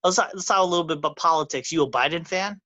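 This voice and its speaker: A man's voice: a little high, racing, bright, forceful tone, no echo, highs cut off. A young man co-hosting a podcast in casual chat, rambling and swearing, acting out quotes in a raised voice. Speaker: podcast co-host.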